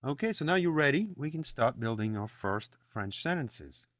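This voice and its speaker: A man's voice: medium pitch, big pitch swings, moderate pace, fairly bright tone, no room sound, clean studio sound. A man teaching a French lesson, patiently explaining pronunciation and repeating phrases for the listener to copy. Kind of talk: language lesson with repeat-after-me drills.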